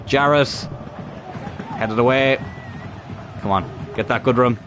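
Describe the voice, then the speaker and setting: A man's voice: medium pitch, slow. Male gaming commentator, exasperated and profane, faint noise in the background. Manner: frustrated, swearing, talks to the players on screen. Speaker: gaming YouTuber playing a football career mode. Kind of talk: live gameplay commentary.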